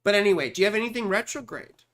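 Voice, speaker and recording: A man's voice: sits high, animated, very fast, fairly bright tone. A man in his forties from California, an astrologer chatting and rambling through live chart readings, muttering while he searches and talking to viewers by name. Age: 40s. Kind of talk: casual live-stream chat.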